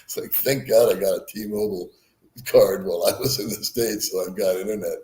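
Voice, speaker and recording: A man's voice: lowish voice, steady tone, a little fast, a little mellow, echoey room. An older man vlogging, telling a rambling travel story, swearing freely and chuckling at himself. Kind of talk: casual storytelling.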